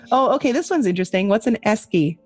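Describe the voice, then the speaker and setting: A woman's voice: on the high side, expressive, moderate pace, a little mellow, no echo, faint music behind. A woman hosting a podcast in casual chat, chatty and swearing freely while laughing at herself. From Canada. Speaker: podcast host.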